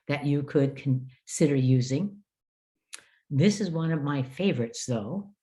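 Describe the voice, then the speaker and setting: An older woman from the United States presents to a room of teachers. Her voice sits very low and sounds warm and dark. She tells stories from her classroom in a lively, conversational way, with plenty of "uh"s. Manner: lively storytelling with frequent "uh" fillers. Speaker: education presenter. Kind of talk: workshop lecture for teachers.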